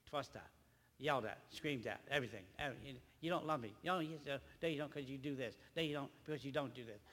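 An older man, a grandfather, preaching a rambling church testimony with halting, repeated words. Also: medium pitch, a bit bright, in a large hall. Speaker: lay preacher.

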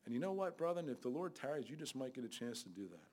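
A man's voice: mid-range voice, big pitch swings, very fast, darkish tone. A man preaching a sermon in a blunt, conversational way, with sudden outbursts.

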